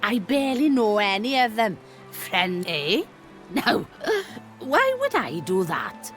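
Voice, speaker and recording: A woman's voice: mid-range voice, very animated, slow, soft background music. An actress playing a well-dressed drunk dwarf woman in a video game, giggly, slurring and self-important. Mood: tipsy.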